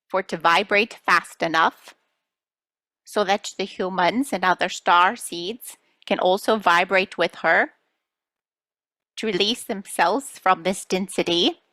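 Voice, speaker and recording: A woman's voice: mid-range voice, no echo. A woman channeling a playful collective of star beings who teases and reassures listeners, calling them children. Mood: teasing. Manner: addresses listeners as children, gently scolding. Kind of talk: channeling session.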